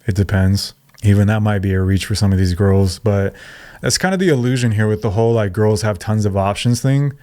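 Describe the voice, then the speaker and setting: A man's voice: fairly low pitch, steady tone, a little fast, warm tone. A man hosting a reaction video, giving blunt, mocking commentary and laughing often. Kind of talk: casual commentary.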